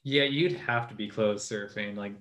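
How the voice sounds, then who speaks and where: Bright-voiced man in an echoey room. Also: fairly low pitch, normal speed. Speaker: podcast co-host. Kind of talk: casual chat and story reading.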